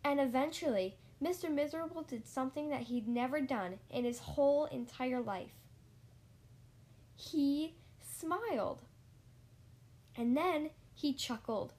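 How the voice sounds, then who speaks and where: Woman slowly reading a children's story. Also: high-pitched, a little mellow. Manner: slow and deliberate, lingering on repeated phrases.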